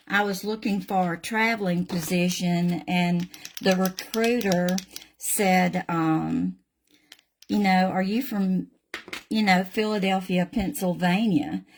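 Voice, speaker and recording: An older woman with a Southern US accent, casually chatting through a painting demonstration in a folksy way and addressing viewers by name. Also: lowish voice. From Southern United States. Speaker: craft channel host.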